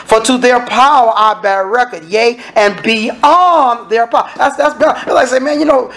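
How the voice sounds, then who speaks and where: A man preaching a sermon as minister, acting out dialogue and sometimes shouting. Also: extremely high pitch, normal speed.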